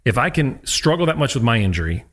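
A man's voice: mid-range voice, fast talker. A man, telling stories in a casual interview and acting out the people he quotes. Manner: animated storyteller who acts out quotes. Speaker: guest, former college pitcher. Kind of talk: casual storytelling.

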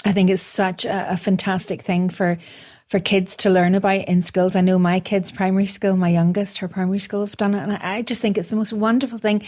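A woman's voice: medium pitch, flat delivery, fairly quick, darkish tone. A woman hosting a casual podcast chat, enthusiastic and prone to small restarts.

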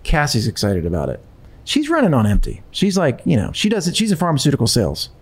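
A man's voice: on the high side, huge pitch swings, fast, a little hiss or hum. A man hosting a podcast, chatting casually and rambling with restarts. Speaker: podcast host. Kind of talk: casual chat.

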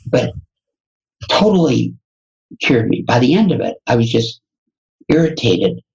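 Very husky, gravelly man telling stories. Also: mid-range voice, a little slow, lo-fi sound. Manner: animated storyteller who acts out quoted dialogue. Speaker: guest, educator and entrepreneur. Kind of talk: anecdotal storytelling in conversation.

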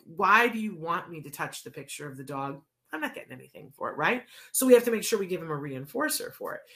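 A woman with a somewhat low, relaxed voice explains a teaching method in plain, casual speech. She walks through everyday examples and keeps checking that the listener is following. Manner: chatty, checks in with "right?".

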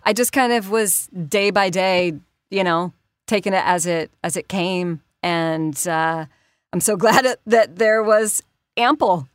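A woman's voice: medium pitch, unhurried, smooth, dry recording. Giggly woman voice actor chatting on a podcast, dry close sound. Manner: bubbly, laughs often, breaks into playful character voices. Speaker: voice actress and guest. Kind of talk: casual interview chat.

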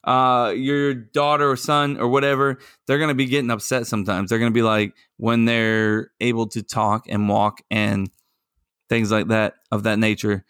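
Playful dad podcast host. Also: male voice, mid-range voice, little pitch movement, normal speed, a bit bright, clean tone, no room sound, clean studio sound. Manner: playful, jokey storyteller. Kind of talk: casual podcast chat.

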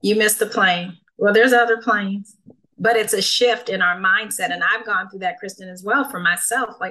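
Bright-voiced woman coach, emphatic. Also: medium pitch, fairly even intonation, moderate pace, poor audio. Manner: emphatic, repeats phrases for effect. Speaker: guest, coach and speaker. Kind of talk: casual conversation.

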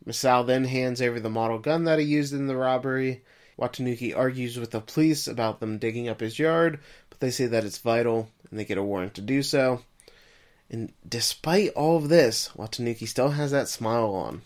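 Man recapping an episode, even voice. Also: mid-range voice, a little fast. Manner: narrates plot summary, then asks his co-host questions. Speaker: podcast co-host recapping an anime episode. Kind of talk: casual recap chat.

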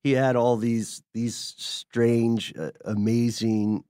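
A man co-hosting a podcast, explaining history in a measured, casual way with frequent chuckles. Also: mid-range voice, level tone, mellow, clean tone, dry recording, clean studio sound. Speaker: podcast co-host.

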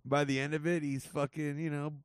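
A man's voice: a little high, little pitch movement, fairly quick, clean tone, dry recording. Rambling forties man, dry close sound. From Southern California. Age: 40s. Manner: rambling, swearing, laughing often. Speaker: podcast host. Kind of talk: casual comedy chat.

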